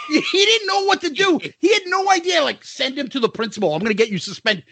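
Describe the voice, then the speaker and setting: Laughing, high-pitched middle-aged man. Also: fast, gravelly, no echo. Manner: laughs through his stories, profane and animated. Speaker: podcast co-host. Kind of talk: casual chat, storytelling.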